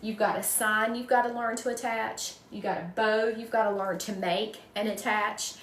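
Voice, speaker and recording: A woman's voice: on the high side, fairly even intonation, normal speed, fairly bright tone. Chatty Southern woman in a roomy space. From North Carolina, USA. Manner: chatty, greets viewers by name, folksy. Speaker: wreath designer hosting a live stream. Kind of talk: casual live-stream crafting chat. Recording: roomy echo, distant mic.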